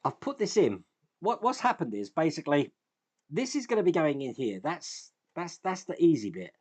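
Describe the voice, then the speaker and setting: Working at his workbench, the model-building host muses aloud, sighing, chuckling and poking fun at himself. His voice is a little high, husky and a little mellow, with big pitch swings at a moderate pace.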